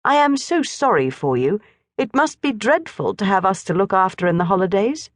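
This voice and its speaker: A woman voicing a clever, smooth-talking English schoolboy who sounds earnest and overly polite. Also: mid-range voice, sing-song, normal speed, no echo, studio quality, pitched above the performer's own voice. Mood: ingratiating.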